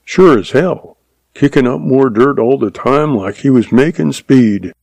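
A man doing a gruff sheriff. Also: mid-range voice, unhurried, a little mellow, dry recording, pitched above the performer's own voice. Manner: gruff, muttering. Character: gruff small-town Western sheriff.

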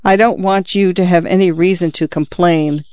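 A man's voice: high voice, steady tone, normal speed, a little mellow, clean tone, no room sound, natural voice. A man voicing a shy, grieving young peasant son who speaks hesitantly and with embarrassment, in a dull lo-fi recording. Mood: awkward.

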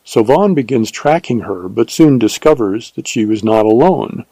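A man narrating a western novel as an audiobook, in a measured, steady way. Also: mid-range voice, gravelly, slightly rough, no room sound, rough recording.

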